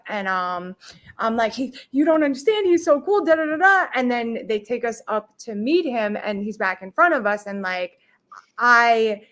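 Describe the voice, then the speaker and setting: A woman's voice: a little high, fairly bright tone. A woman guest telling her story in a casual, emotional way, fumbling over her words.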